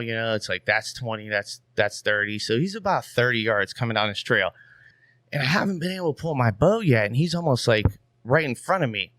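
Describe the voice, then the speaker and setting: A man who is a podcast guest, telling a story in a casual, animated way. He swears freely and keeps saying "you know what I mean.". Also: mid-range voice, no echo.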